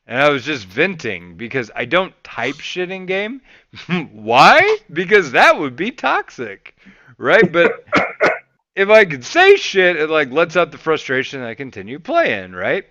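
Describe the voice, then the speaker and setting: A man hosting a podcast, telling a casual story with lots of swearing and loud re-enactments of his own rants. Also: on the high side, measured pace, dry recording, dull audio. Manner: animated, swears freely, voices his past rants loudly. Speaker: podcast host.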